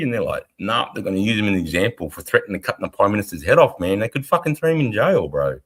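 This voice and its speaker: Australian veteran streamer, middle-aged, low-pitched, profane and rambling, heated casual chat. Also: male voice, animated, fast, fairly bright tone. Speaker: livestream co-host, army veteran.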